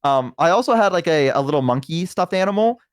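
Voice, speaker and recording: A man with a middle-pitched voice chats casually as a stream guest, telling loose childhood stories full of "um" and "like." The recording is dry and close, with no room sound. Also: expressive, fast talker, clear, resonant tone, dry recording. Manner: rambling, filler-heavy storytelling. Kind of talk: casual chat.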